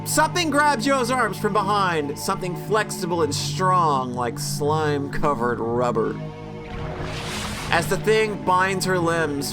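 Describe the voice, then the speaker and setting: A man reading a horror visual novel's narration aloud with casual, joking asides and frequent self-corrections. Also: on the high side. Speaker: let's-play host reading a visual novel.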